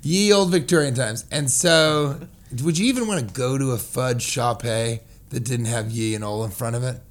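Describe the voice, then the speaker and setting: A man's voice: mid-range voice, moderate pace. A man co-hosting a casual comedy podcast, rambling through a funny story and riffing on words. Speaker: podcast co-host.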